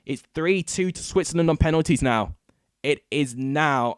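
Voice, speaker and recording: A man hosting a football watchalong, giving excitable live commentary into a desk microphone and breaking into shouts at big moments. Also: fairly high pitch, moderate pace, clean tone, dry recording, studio quality. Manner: excitable, erupting into shouts at goals.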